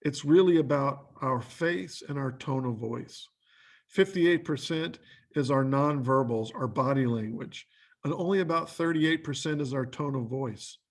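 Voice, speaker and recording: Husky man giving a training lecture. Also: medium pitch, a little slow. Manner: talks in lists of short questions; acts out quoted lines.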